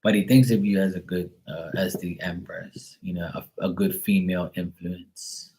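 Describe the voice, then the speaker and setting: Blunt low-voiced tarot reader. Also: male voice, steady tone, moderate pace, warm tone. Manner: blunt, profane, rambling storyteller. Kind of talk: casual live stream chat.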